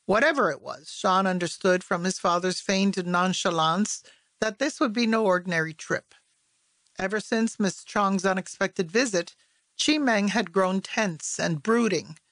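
A woman narrating literary fiction as an audiobook, in a measured, even storytelling voice on a close mic. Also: medium pitch, no room sound.

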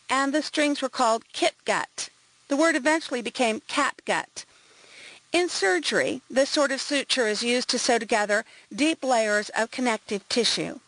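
A woman reading aloud, voicing a calm medical examiner who explains things in a measured, clinical way. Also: a little high, no room sound, poor audio.

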